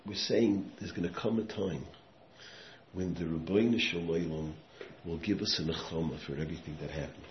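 A man giving a sermon with storytelling, dropping to hushed tones and rising to loud emphatic bursts, with Yiddish and Hebrew words mixed in. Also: sits low, normal speed. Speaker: rabbi giving a talk. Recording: echoey room, muffled sound, faint background noise.

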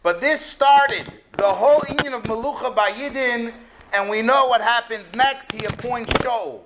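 A man giving an animated Torah class, explaining a verse step by step and acting out what the people in it say. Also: extremely high pitch, unhurried, background noise. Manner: animated, acts out quotes. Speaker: Torah teacher.

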